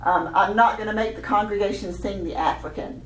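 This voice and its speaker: A woman's voice: medium pitch, fairly even intonation, a little fast, slight background noise. A woman leading a children's music workshop for adults, chatty and upbeat, laughing often. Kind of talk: teaching a hands-on workshop. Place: meeting room at a conference session. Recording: roomy hall recorded from a distance. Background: group echoing chants.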